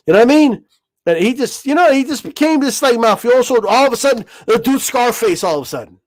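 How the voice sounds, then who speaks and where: High-voiced man ranting, dry sound. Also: expressive, fast talker, no echo. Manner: profane, rambling, keeps asking "you know what I mean". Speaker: boxing livestream host. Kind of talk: casual rant.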